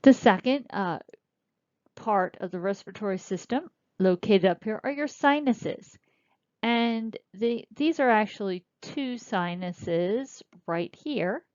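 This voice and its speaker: A woman teaching a recorded lecture, explaining slowly and spelling out terms as she points. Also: mid-range voice, lively intonation, a little mellow, no room sound. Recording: dull lo-fi dry recording.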